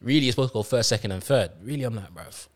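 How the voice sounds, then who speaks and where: A man, a podcast co-host telling stories in casual chat, slangy, often dropping his voice low. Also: racing.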